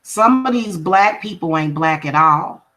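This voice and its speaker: A woman's voice: lowish voice, expressive, measured pace, fairly bright tone. A woman who reads and does spellwork, talking casually to viewers in a confrontational, emphatic way and repeating her points for stress. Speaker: spiritual practitioner and reader. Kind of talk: casual livestream talk to viewers.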